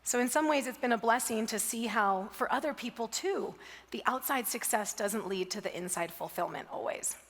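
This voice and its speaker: A woman giving a motivational keynote talk on a conference stage, telling an animated story and asking the audience questions. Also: a little high, moderate pace. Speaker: keynote speaker. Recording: reverberant hall.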